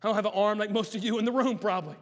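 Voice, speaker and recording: A middle-aged man, preaching a sermon with passion, swinging from loud, shouted lines down to hushed ones. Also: very fast. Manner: impassioned, rising to shouts then dropping low. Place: large church sanctuary. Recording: long hall reverb.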